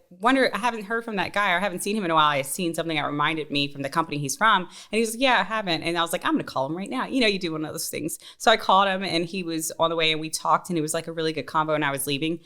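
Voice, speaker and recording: Fast-talking woman telling stories. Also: sits low, sharp tone, clear, resonant tone. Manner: rambling storyteller, quotes people in voices. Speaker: podcast co-host. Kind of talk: casual chat.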